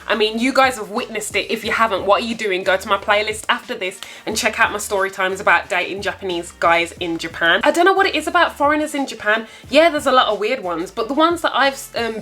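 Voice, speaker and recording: A young woman vlogger telling a story to camera in a playful, chatty way, with sudden swoops up into a high voice. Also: a bit bright. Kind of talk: casual story-time chat to camera.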